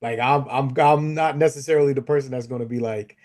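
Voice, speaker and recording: A man's voice: medium pitch, fairly even intonation, quick pace, few pauses, darkish tone. A man from a reading group chatting casually, joking about himself with many restarts. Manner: joking, self-deprecating, stumbling restarts.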